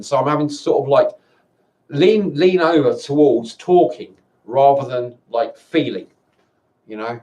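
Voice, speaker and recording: A man in a personal video monologue, tired and upset, talking in halting bursts with repeated words and frequent swearing. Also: medium pitch, a little mellow. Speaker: vlogger. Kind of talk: emotional personal monologue to camera.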